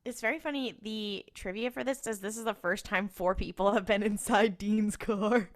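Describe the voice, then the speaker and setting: At a moderate pace and medium pitch, a female podcast co-host chats her way through an episode recap. She's a casual storyteller who performs the characters' lines.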